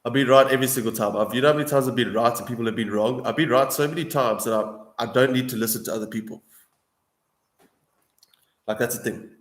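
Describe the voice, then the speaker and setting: Young male streamer, mid-pitched, ranting hard and swearing, echoey room. Casual defiant monologue. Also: fast. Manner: heated, profane, repeats "bro" and "dude". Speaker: streamer answering viewers.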